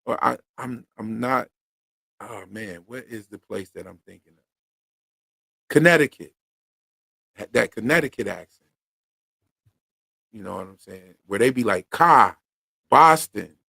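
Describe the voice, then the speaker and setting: A man's voice: fairly low pitch, a little slow, vocal fry, long pauses, a bit bright, breathy edge, no echo. A man from Pennsylvania with a Philadelphia accent, co-hosting a loose, slangy livestream chat and reading viewer comments aloud. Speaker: podcast co-host.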